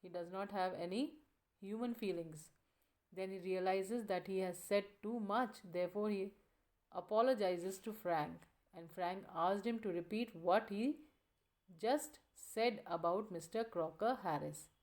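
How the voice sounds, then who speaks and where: A woman teacher explaining a play scene line by line, pausing now and then with fillers. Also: mid-range voice, darkish tone. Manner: reads quoted lines aloud, with pauses and fillers.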